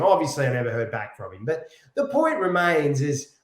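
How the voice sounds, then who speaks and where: Male guest, animated storyteller, slightly high voice, echoey room. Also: normal speed. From Australia. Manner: animated storytelling, repeats words when thinking. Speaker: guest, pop singer. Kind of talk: casual interview conversation.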